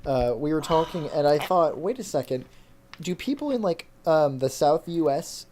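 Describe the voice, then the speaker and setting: A man's voice: fairly high pitch, lively intonation, moderate pace, darkish tone, slight background noise. A young man in his late teens telling a story on a casual podcast, rambling with lots of fillers, on a desktop mic with a pop filter at home. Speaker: podcast co-host. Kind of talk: casual chat. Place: home desk setup.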